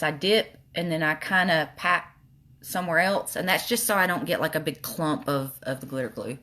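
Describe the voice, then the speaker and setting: A woman's voice: sits low, a bit bright. A woman with a slight lisp, chatting casually while showing makeup on a livestream. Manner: chatty, reads viewer comments aloud.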